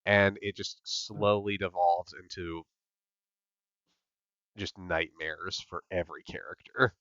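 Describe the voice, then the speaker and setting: A man's voice: low-pitched, fairly even intonation, slow, bright, forceful tone, dry recording, dull audio. A man hosting a podcast recap, chatting casually with lots of "like" and "yep" fillers. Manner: filler-heavy, repeats "yep" and "like". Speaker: podcast host.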